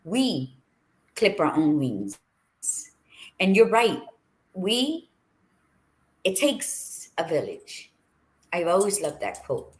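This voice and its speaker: A woman co-host in a casual motivational talk, blunt and a little preachy. Her pitch swings widely as she presses her point, lively and emphatic. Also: takes it slowly, pauses often.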